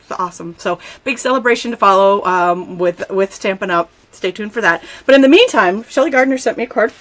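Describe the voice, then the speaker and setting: A middle-aged woman hosting a live craft stream, chatting casually and gushing excitedly to her viewers. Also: medium pitch, a little fast. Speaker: stamping demonstrator hosting a live craft show.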